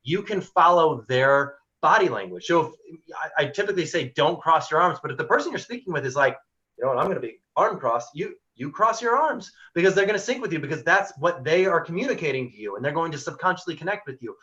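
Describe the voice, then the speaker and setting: A man's voice: a little high, animated, fast talker, sharp tone, highs cut off. A man hosting an online workshop, talking animatedly and acting out the people he quotes. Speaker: workshop host.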